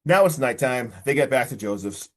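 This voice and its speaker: A man hosting a podcast tells a horror film back in loose, animated storytelling. His pitch sits mid-range, and he packs in plenty of likes and you-knows as he goes. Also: normal speed. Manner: animated storytelling, heavy filler words. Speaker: podcast host. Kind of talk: casual movie recap.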